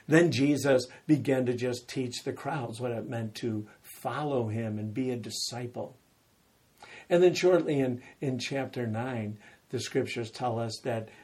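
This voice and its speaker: A man preaching a sermon, retelling scripture as animated storytelling and acting out the quoted lines with rising intensity. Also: mid-range voice, slightly rough.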